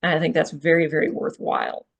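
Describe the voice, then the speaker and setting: A speaker at a live workshop talks in a direct, urging way and keeps checking in with the listeners. The voice sits at a middle pitch and has a gravelly, fry-edged texture. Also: huge pitch swings, fast, dull audio. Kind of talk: live public talk.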